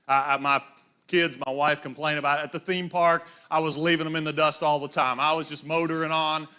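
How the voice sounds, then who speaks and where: A man's voice: a little high, flat delivery, fairly quick, bright, forceful tone, clean tone. A middle-aged man preaching a sermon in a church, telling stories and acting out voices in quotes. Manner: storytelling, acts out voices in quotes.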